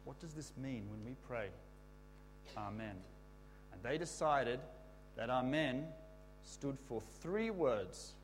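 A man giving a children's talk in church, explaining a word and leading the kids in call-and-response shouts. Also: medium pitch, expressive, takes it slowly, long pauses, faint music behind. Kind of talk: children's sermon.

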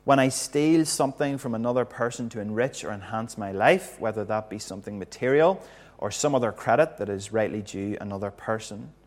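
A man preaching a sermon in an earnest, reflective way, often dropping to a soft hush to make a point. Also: lowish voice.

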